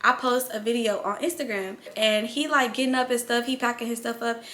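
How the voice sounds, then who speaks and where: A high-pitched woman with a bright, sharp voice tells a storytime tale. She is animated and blunt, and she cusses as she talks. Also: fairly quick. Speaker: vlogger. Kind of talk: storytime narration.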